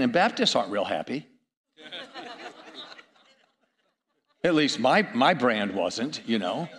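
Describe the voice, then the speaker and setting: A man's voice: fairly high pitch, fairly bright tone. A middle-aged man preaching a sermon, telling stories with chuckles and asides to the audience.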